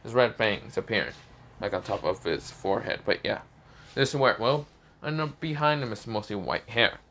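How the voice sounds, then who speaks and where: A man reading an improvised fan story aloud in a rambling, halting way full of fillers. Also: on the low side, lively intonation, bright, forceful tone.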